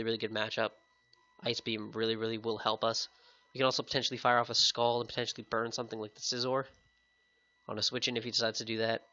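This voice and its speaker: A man's voice: mid-range voice, sharp tone, muffled recording. A man with a sick-sounding voice giving casual, upbeat gameplay commentary to his viewers. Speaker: competitive game YouTuber. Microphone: headset.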